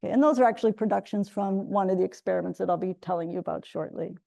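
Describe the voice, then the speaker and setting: A woman's voice: mid-range voice, racing, vocal fry, dark tone. A woman giving an academic lecture as a guest speaker. She explains methodically and often restarts her phrases.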